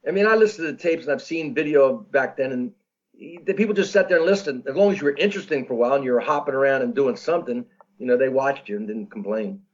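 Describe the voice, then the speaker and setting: Rambling man in his sixties, lo-fi. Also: medium pitch. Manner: rambling, halting with many restarts. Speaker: comedian guest. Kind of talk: casual storytelling interview. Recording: dull lo-fi audio.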